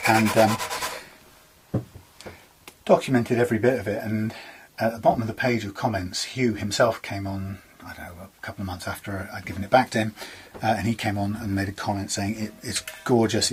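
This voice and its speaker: A man's voice: on the low side, background noise. A man with an English accent chatting casually about a guitar repair in his workshop, rambling and bemused, laughing often.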